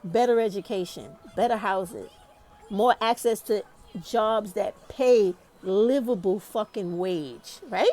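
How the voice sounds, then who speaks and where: A woman's voice: medium pitch, takes it slowly, a little mellow. A woman delivering a heated, profane opinion rant as a YouTube commentator. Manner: profane, ranting and emphatic.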